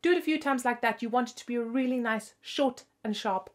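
Bright-voiced woman teaching flute with hiccups. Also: a little high, fairly quick, soft background music. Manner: bubbly, laughs at herself. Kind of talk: upbeat video flute lesson. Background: flute playing between phrases.

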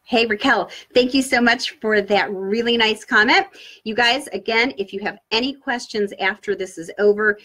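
A woman giving an upbeat live-streamed training talk on public speaking, coaching her viewers with lively inflection. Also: fairly high pitch, moderate pace. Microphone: webcam or laptop mic for a live stream.

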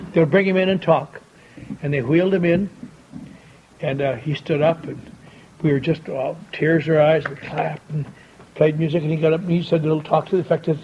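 An older man telling a wry, folksy story to a convention audience, acting out the dialogue he quotes. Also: on the high side. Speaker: speaker at a recovery convention. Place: large convention hall. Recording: dull lo-fi tape with faint hiss.

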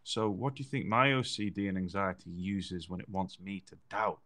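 Guy with a really low voice, earnest chatty podcast talk, leans on his points. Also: fairly even intonation, normal speed, bright, forceful tone. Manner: earnest, emphatic, repeats phrases for effect. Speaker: podcast co-host. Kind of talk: casual conversational chat.

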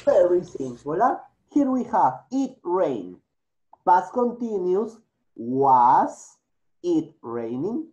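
A man's voice: high-pitched, big pitch swings, slow, darkish tone. A teacher with a Latin American Spanish accent, speaking English as a second language, coaxing his class through a grammar lesson, repeating answers and slipping into Spanish. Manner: repeats and coaxes students, mixes in Spanish. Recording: dull lo-fi recording.

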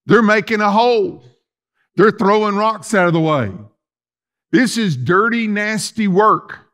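A male pastor preaches in a fairly high voice. He is folksy and animated, swinging from loud emphasis to quiet asides while he talks straight to his congregation. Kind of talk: sermon.

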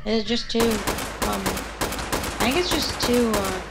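Woman with a highish voice nervously narrating her own gameplay, game gunfire loud behind her. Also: slow pace, vocal fry, heavy background noise. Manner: jittery, self-talking, panicky and playful. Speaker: gaming channel host. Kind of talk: gameplay commentary. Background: game gunfire and ambience.

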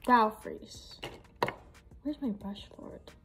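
Over loud music, a young woman vlogs a casual get-ready-with-me chat, doing her makeup and hair and rambling with heavy use of "like." She speaks slowly and creakily at a medium pitch that swoops wildly.

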